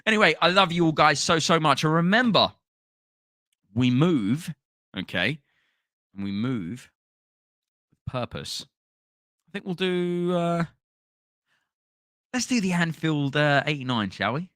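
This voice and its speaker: Male podcast host, bright tone, loose casual chat, dry recording. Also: a little high, lively intonation, a little slow, pauses often, no room sound. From London, England. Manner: chatty, swears freely, thanks viewers by name. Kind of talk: casual live-stream chat reading comments.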